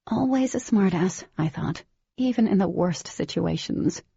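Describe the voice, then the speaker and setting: Low, husky woman narrating a novel. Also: animated, measured pace, warm tone, dry recording, lo-fi sound. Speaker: audiobook narrator. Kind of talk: scripted first-person narration.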